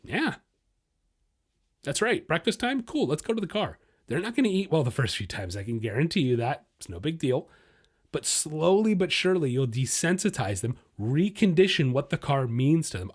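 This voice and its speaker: A man hosting a dog-training podcast at a middle pitch. He talks in a casual, blunt and animated way and addresses his listeners directly. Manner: acts out a dog's inner voice in quick asides.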